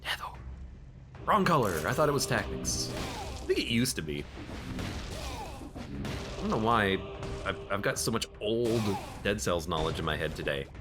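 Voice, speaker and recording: Playing a game with music in the background, a man gives casual, chatty commentary, poking fun at the game and himself. His voice is on the low side and sing-song, at a moderate pace with frequent pauses.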